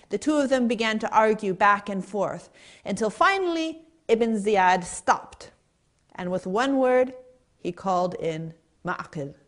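A woman's voice: mid-range voice, expressive, a little slow, fairly bright tone. Woman telling history dramatically. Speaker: narrator.

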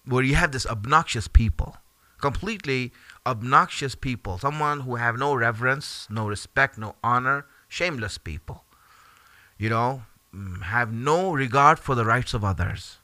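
Man, religious teacher, storytelling sermon, conversational fillers, sharp tense voice, dry sound. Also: mid-range voice, moderate pace, no echo. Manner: animated, conversational, many fillers and laughs.

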